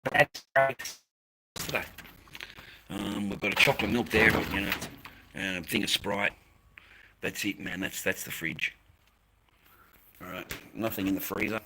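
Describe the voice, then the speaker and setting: A man's voice: lowish voice, measured pace, pauses often, very noisy. An Australian man livestreaming from home, ranting bluntly and profanely at his chat. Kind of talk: casual livestream rant.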